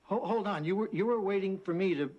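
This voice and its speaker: A man's voice: sits high, fairly quick, highs cut off, some chatter behind. An actor playing a mild-mannered male sidekick and announcer who stammers when flustered, in a sitcom. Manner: stammering, hesitant. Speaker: talk show sidekick and announcer. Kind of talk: sitcom acting.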